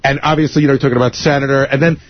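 A man on a radio show telling stories in a rushed way, full of restarts. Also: mid-range voice, fairly even intonation. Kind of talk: radio talk banter. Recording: dull dry radio broadcast.

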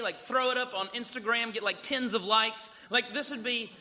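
A man's voice: sits high, brisk. A man with a South Carolina accent, a guest pastor preaching in a casual, storytelling way. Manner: casual, animated storytelling with lots of "like" and "um". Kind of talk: sermon. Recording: long hall reverb.

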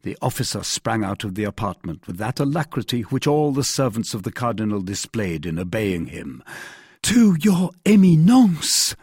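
Animated male audiobook narrator. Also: fairly low pitch, brisk, hardly any pauses, slightly rough, no room sound, studio quality. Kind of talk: scripted narration.

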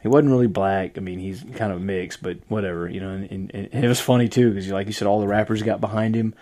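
A man's voice: on the low side, fairly even intonation, fast talker, dark tone. A man hosting a casual podcast chat, rambling, trailing off and laughing often. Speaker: podcast host.

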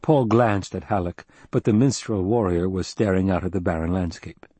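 A man reads an audiobook in a low, husky voice, steady and even-toned. The recording is close and dry. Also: moderate pace, no room sound. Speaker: audiobook narrator. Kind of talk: scripted narration.

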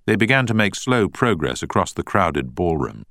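A man narrating a novel in a measured, expressive reading. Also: low-pitched, dry recording, clean studio sound. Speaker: audiobook narrator. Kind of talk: scripted narration.

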